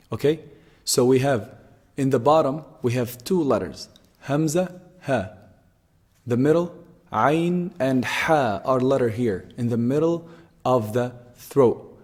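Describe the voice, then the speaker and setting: A man teaches pronunciation, slowly and patiently repeating each sound so learners can copy it. His voice sits at an ordinary middle pitch. The recording has a long, hall-like echo. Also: a little mellow. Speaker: Quran teacher. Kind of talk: pronunciation lesson.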